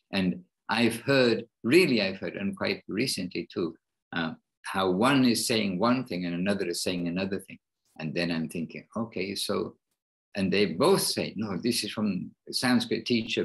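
A man with a deep voice runs an informal devotional class over an online call. His tone is husky and a little breathy. He often stops and rephrases himself mid-sentence as he explains. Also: poor audio. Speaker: class host.

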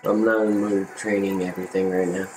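A man's voice: low voice, level tone, quick pace. Chatty man giving game commentary. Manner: chatty, reacts out loud, reads game text aloud. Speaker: gamer. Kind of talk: let's play commentary. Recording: roomy echo, faint noise.

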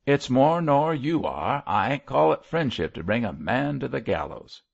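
A man voicing a surly, defiant prisoner who growls his lines in rough, aitch-dropping speech. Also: medium pitch, very animated, moderate pace, pitched above the performer's own voice. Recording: muffled lo-fi recording.

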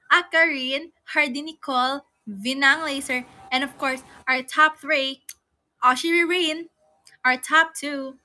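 Bright high-voiced Filipino young woman. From Philippines. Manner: playful and giggly, reading out viewer names. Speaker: idol livestreamer. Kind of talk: casual livestream chat, mixing Tagalog and English.

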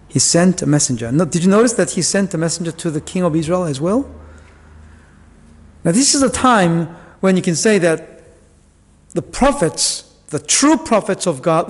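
In a church hall with long reverb, a male pastor preaches a sermon, explaining Bible verses conversationally with asides and fillers. His voice sits on the high side with a slightly mellow quality.

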